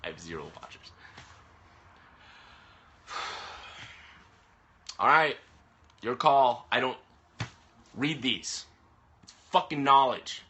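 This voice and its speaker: This vlogger's angry live-stream rant is full of heavy swearing aimed at the camera. His mid-range voice swings widely in pitch, moving slowly with long pauses and a bright, forceful tone, captured by a camera mic on a phone or webcam.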